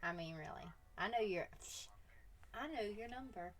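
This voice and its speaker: A woman's voice: medium pitch, animated, normal speed, soft background music. A woman casually chatting with her viewers on a live stream, teasing them playfully and laughing often.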